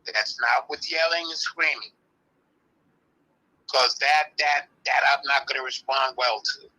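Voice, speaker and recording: An older man, calmly and firmly explaining history as an interview guest. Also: mid-range voice, rough recording. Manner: firm, measured, explaining insistently. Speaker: interview guest, early hip-hop practitioner. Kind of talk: live online interview.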